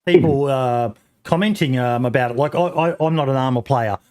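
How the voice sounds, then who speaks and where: A man's voice: medium pitch, normal speed, a little mellow. A man hosting a podcast in casual chat, friendly and encouraging toward his guest. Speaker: podcast host.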